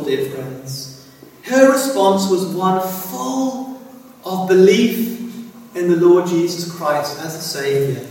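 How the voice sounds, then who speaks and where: High-voiced preacher man, slow, echoing hall. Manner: slow, halting, fond of "as it were" and "dear friends". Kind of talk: sermon. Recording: echoey hall from far off.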